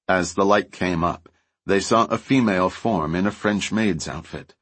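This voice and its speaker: Male audiobook narrator, low husky voice, animated delivery, dry studio sound. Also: moderate pace, no echo. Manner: lively storytelling, voices characters lightly. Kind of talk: scripted narration.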